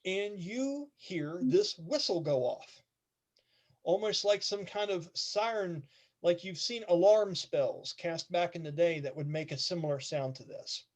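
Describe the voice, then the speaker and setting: Lively man running a tabletop game. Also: sits high, a little slow. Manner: casual, rambling, laughs and swears. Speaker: game master.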